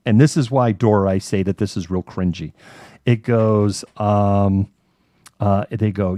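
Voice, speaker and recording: A man's voice: fairly low pitch, steady tone, measured pace, mellow, no echo, studio quality. A man co-hosting a live online talk show, rambling casually and swearing as he retells a cartoon episode, putting on voices for the characters. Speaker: podcast co-host.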